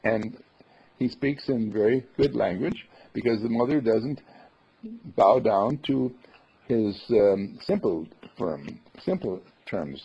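A man's voice: on the low side, lively intonation, slow pace, creaky, breathy edge. A man giving a rambling, folksy spiritual talk, acting out the quotes he tells. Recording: dull lo-fi recording.

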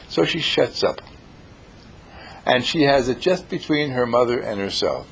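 A man giving an inspirational talk, telling stories in an animated, emphatic way and repeating his key lines. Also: mid-range voice, normal speed, slightly rough. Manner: animated, repetitive, emphatic storyteller. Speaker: speaker.

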